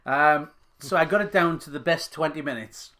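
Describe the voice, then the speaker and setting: A man's voice: on the high side, normal speed, bright, forceful tone. Upbeat teasing man host. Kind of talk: casual live-stream chat.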